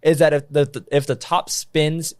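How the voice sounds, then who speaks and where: A man co-hosting a podcast in casual chat, animated, laughing often and restarting his sentences. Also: on the high side, moderate pace, no room sound, studio quality. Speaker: podcast co-host. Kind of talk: casual movie-ranking chat.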